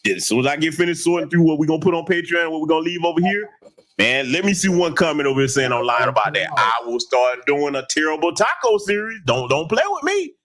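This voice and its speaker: A man hosting a heated commentary broadcast, talking in an emphatic, taunting, loud way. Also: a little high, big pitch swings, quick pace. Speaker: host.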